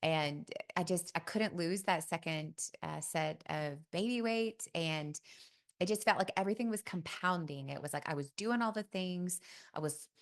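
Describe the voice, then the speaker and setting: A woman's voice: lowish voice, moderate pace. A middle-aged woman hosting a podcast, telling a personal story in a casual, folksy way and often saying "y'all". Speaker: podcast host.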